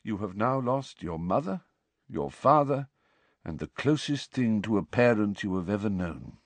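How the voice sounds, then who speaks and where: A man voicing a calm, serene old wizard headmaster, speaking slowly, softly and steadily. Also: on the low side, no room sound. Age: older. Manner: slow, soft, measured and steady.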